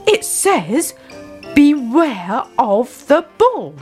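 A woman's voice: high-pitched, sing-song, very slow, a little mellow, faint music behind, exaggerated voice. A woman doing a stern, kindly farmer. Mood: firm. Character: stern but kindly old farmer, a man.

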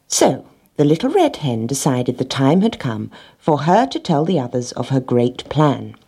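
A woman with a low, slightly husky voice reads a children's storybook aloud. Her intonation swings widely as she tells the tale gently, slipping into voices for the characters. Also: big pitch swings, unhurried. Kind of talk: storybook reading.

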